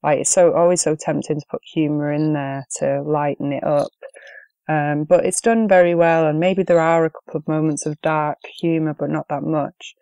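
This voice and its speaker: A woman with a low, warm voice co-hosts a relaxed film review podcast. She chats easily, with frequent ums, and the sound is close and dry. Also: normal speed, gravelly, clean tone, dry recording, dull audio. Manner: easygoing, chatty with frequent ums. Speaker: podcast co-host. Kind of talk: casual film review chat.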